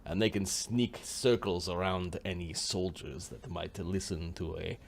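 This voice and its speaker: A man's voice: low voice, fairly even intonation, unhurried, vocal fry, a little hiss or hum. A man voicing a shrewd, menacing male bookie with a put-on Russian-style accent and broken grammar.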